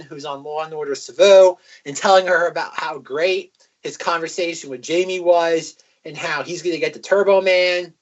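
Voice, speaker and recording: A man's voice: a little high, dull audio. A man co-hosting a podcast, recapping a film casually with lots of fillers. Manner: rambling, filler-heavy storytelling. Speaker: podcast co-host.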